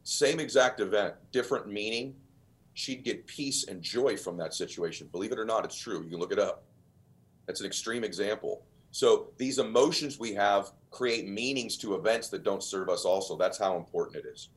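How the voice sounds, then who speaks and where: A man with a deep voice, a guest on a podcast, telling stories in an emphatic, earnest way. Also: moderate pace. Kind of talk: storytelling in an interview.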